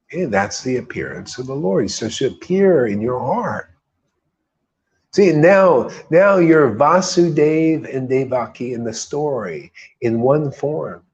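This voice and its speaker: A man's voice: medium pitch, animated, unhurried, a little mellow, breathy edge, lo-fi sound. A man leading a devotional group, giving an informal spiritual talk full of emphatic repetition and rhetorical questions.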